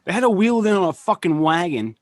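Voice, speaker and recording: Punk guy ranting on a podcast, cussing a lot, kinda high voice, dry sound. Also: sing-song, quick pace, no room sound. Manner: profane, rambling, loses his train of thought. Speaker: podcast guest, punk musician. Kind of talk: casual chat.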